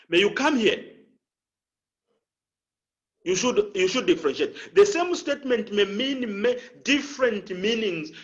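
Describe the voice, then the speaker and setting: A man teaching public speaking in a high, very animated voice that swoops up and down as he demonstrates inflection. He talks slowly and deliberately and repeats his key phrases. The recording sounds dull and lo-fi. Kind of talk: instructional talk with spoken examples.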